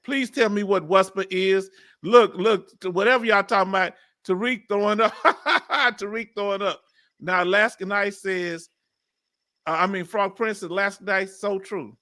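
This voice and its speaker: A bright, high-pitched man with a Southern US accent hosts a relaxed livestream chat from home. He talks loosely and reads viewer comments aloud between questions to his guest. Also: moderate pace. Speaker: livestream host.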